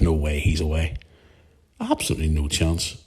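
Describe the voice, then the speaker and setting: Husky low-voiced man in his forties. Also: fairly even intonation, moderate pace, darkish tone. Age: 40s. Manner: rambling, emotional, swears freely. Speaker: podcast host. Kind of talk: casual monologue.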